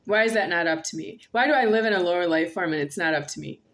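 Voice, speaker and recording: A woman's voice: lowish voice, fast, a bit bright. A woman vlogging alone, rambling and confrontational, repeating herself as she speaks to an unseen "you". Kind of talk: rambling monologue to camera.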